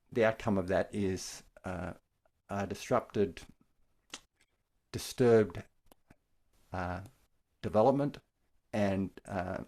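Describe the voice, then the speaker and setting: An older man giving a dharma talk as a meditation teacher, explaining things in a gentle, unhurried way. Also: fairly low pitch. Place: online talk from home.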